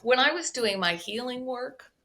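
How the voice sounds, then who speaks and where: This guest on a conversational podcast interview is a somatic healer whose voice is fairly high, sharp, and lively, at a normal speed. She explains with expression and keeps checking in by asking "right?"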